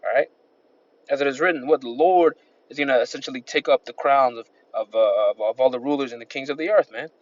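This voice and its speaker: On dull home-recorded audio, a male street-style preacher with a medium-pitched voice talks at a quick pace, reading scripture in an informal sermon. He rambles and repeats himself loosely, sprinkling in "man" and "all right."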